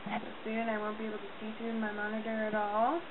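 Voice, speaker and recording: A young woman chatting casually in a home video, cooing to her dog now and then in a high voice. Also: completely flat delivery, fast talker. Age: young adult. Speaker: vlogger. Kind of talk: casual chat. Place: home room. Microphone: laptop webcam mic. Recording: tinny lo-fi webcam audio with hum.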